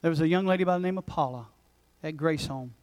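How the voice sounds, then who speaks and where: A man in his forties, a pastor preaching a passionate sermon that swings between loud urgency and hushed intensity. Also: on the high side, quick pace, low-quality recording. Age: 40s. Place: church sanctuary.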